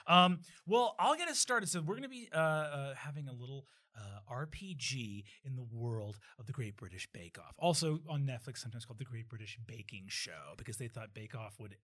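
A man's voice: mid-range voice, expressive, brisk, few pauses, bright, forceful tone. A man explaining rules as game master, enthusiastic, with frequent fillers.

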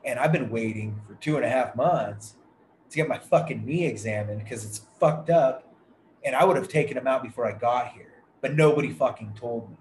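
A man's voice: medium pitch, normal speed, a little mellow. A man on a podcast telling a long, profane, frustrated story in casual chat. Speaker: podcast co-host. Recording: echoey room with faint background noise.

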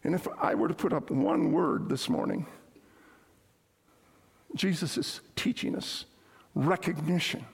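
A man's voice: fairly high pitch, unhurried, gravelly, long pauses, breathy edge. A man preaching a sermon as pastor, telling stories and repeating his key points. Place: church sanctuary. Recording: echoey hall with long reverb.

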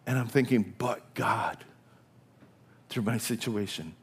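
An older man delivers an impassioned, repetitive sermon, veering between hushed whispers and loud, climbing exclamations. His voice is low and slow with a breathy edge.

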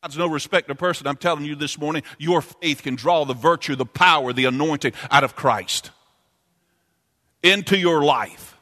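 A man preaching a sermon, impassioned and repetitive, climbing into sung, chanting peaks before dropping low. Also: normal speed, sharp tone. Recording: long hall reverb.

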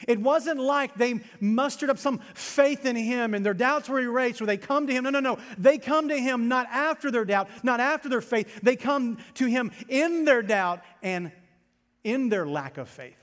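A man's voice: very high-pitched, animated, normal speed, a bit bright. A male pastor delivering a sermon in a church, preaching with passion and repeating phrases for emphasis. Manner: impassioned, repetitive preaching with rising intensity. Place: church sanctuary. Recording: long reverb in a large room.

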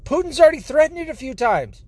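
High-voiced man on a profane rant. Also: big pitch swings, fast talker, darkish tone, no echo. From United States. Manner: heated, profane, sarcastic.

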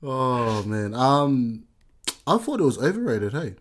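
A man with a medium-pitched voice takes it slowly, co-hosting a casual podcast chat. He's an animated storyteller who spins his tales with playful exaggeration.

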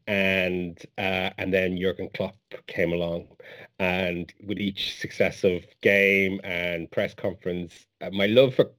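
A man's voice: low-pitched, flat delivery, slow pace, a bit bright. A man talking football in a casual chat, enthusiastic and effusive.

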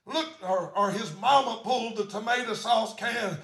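A pastor with a very high voice tells a story from the pulpit. He shouts his refrains and peppers his sentences with "uh". His voice rings out through a roomy, echoing church. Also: moderate pace, creaky. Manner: animated preaching, shouting refrains, many "uh" fillers. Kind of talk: storytelling sermon.

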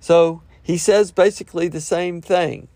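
A man delivers a sermon, moving between scripture reading and plain explanation. His voice sits a little high with a gravelly edge. The recording is dry, with no room sound. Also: fairly even intonation, unhurried, mellow, no echo. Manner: reads verses then breaks off to explain in plain talk. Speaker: preacher.

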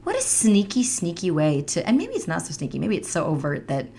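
A woman's voice: brisk, vocal fry, slight background noise. A woman in her thirties co-hosting a faith-based podcast, talking animatedly and acting out quoted voices. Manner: animated, acts out quoted voices with big pitch jumps. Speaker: podcast co-host. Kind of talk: faith-based casual conversation.

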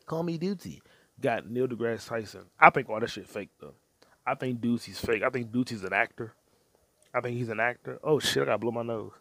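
A man's voice: mid-range voice, vocal fry, fairly bright tone, dry recording. A man hosting a solo podcast, rambling crudely and profanely from one topic to the next while muttering to himself. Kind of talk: rambling casual monologue.

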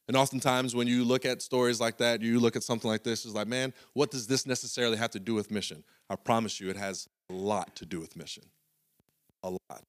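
Young male pastor, conversational sermon delivery, mid-pitched voice, dry close sound. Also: no echo. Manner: conversational storytelling with animated quoted voices; soft, earnest prayer voice.

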